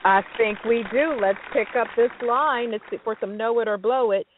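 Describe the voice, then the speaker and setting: A woman's voice: on the high side, normal speed, slight background noise. Upbeat woman radio co-host, tinny audio. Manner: upbeat, laughing, chatty. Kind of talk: casual radio talk show hosting. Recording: dry, tinny phone-like sound.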